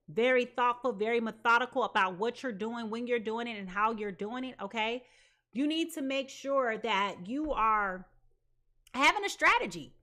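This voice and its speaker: A woman's voice: on the high side, animated, normal speed, bright, forceful tone. A woman giving a live tarot reading, talking in an emphatic, repetitive way with casual slang. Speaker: tarot reader.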